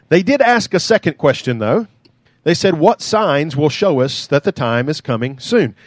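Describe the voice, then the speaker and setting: Man, pastor, fairly high voice, dry close sound, chatty and animated sermon. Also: dry recording. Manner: conversational, animated, playful asides.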